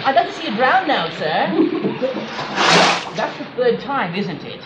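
A performer playing a fussy, excitable English gentleman who gets flustered and indignant, on an amateur home tape. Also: mid-range voice, unhurried, highs cut off. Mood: coaxing. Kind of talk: amateur radio-play acting. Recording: hissy, echoey home tape recording.

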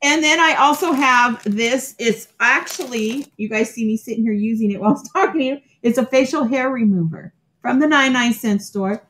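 A woman guest telling stories on a video call, expressive and quick to laugh. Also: fairly high pitch, slight background noise. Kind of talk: live-stream chat.

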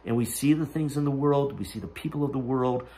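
A man's voice: medium pitch, fairly quick, dark tone. A man preaching a sermon as pastor, conversational and storytelling, with frequent asides and restarts.

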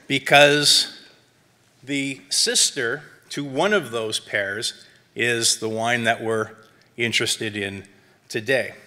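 Chatty, bright-voiced man lecturing. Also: medium pitch, slow. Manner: chatty, lots of um and tag questions; self-described academic. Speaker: wine seminar presenter.

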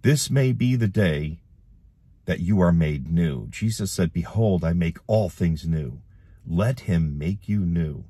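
A man's voice: sits low, expressive, takes it slowly, warm tone, husky, dry recording. A man preaching a gospel appeal to the camera in an urgent, pleading way that repeats itself. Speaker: online preacher.

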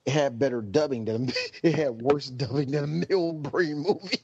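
A man's voice: mid-range voice, normal speed, darkish tone, husky, dry recording. A man chatting as a podcast guest, rambling and laughing as he talks. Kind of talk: casual podcast chat. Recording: dull, dry lo-fi recording.

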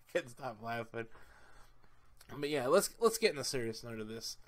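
A man's voice: medium pitch, normal speed. A man giving a casual movie review vlog, enthusiastic and rambling, with lots of "uh"s and "I mean"s. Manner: excitable and laughs easily.

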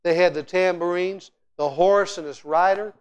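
A middle-aged man preaching a sermon in a church as guest speaker, telling stories with lively, animated delivery and frequent restarts. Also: high voice, normal speed, clean tone, dull audio. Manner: animated, storytelling, repeats words and restarts often. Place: church sanctuary.

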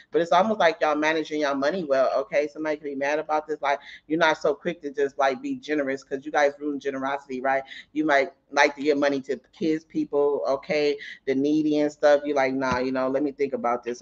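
A man giving a casual tarot reading, chatty and profane, laughing often and breaking into anecdotes. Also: fairly high pitch. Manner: tells anecdotes mid-reading. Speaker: tarot reader. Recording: dull lo-fi audio.

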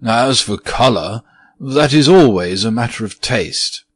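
A man reading an audiobook, voicing a weary, petulant centuries-old male ghost who speaks slowly and plaintively, in a dry recording. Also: mid-range voice, expressive, slightly rough, no echo. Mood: meek. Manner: slow, drawn-out, plaintive.

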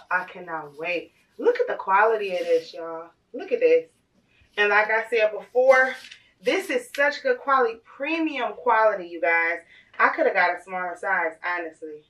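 A woman, gushing and excitable as she unboxes on her vlog. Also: medium pitch, recorded from a distance. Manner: gushing and excitable, addresses viewers as "y'all". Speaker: vlogger.

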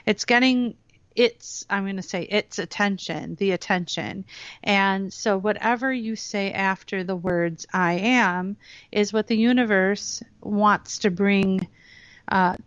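Woman with a smooth voice, dull radio sound. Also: medium pitch, no room sound. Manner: animated explainer, acts out quoted voices. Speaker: radio show guest, hypnosis teacher. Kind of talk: explanatory talk-radio chat.

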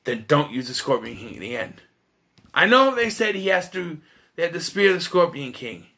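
A man's voice: on the high side, very animated, moderate pace, creaky, pushed and bright. A man giving a casual, blunt and profane spoken film review, with frequent restarts as he talks.

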